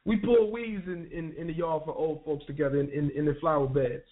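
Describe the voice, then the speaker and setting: A man on a radio show telling his life story in a relaxed, conversational way, using street slang and often restarting his sentences. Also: fairly high pitch, moderate pace. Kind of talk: personal storytelling. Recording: tinny phone line.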